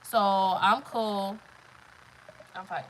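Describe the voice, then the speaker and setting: A woman's voice: mid-range voice, steady tone, drawn-out words, a bit bright, a little hiss or hum, low-quality recording. A woman in her thirties chatting casually on a live stream, blunt, profane and emphatic as she tells her story.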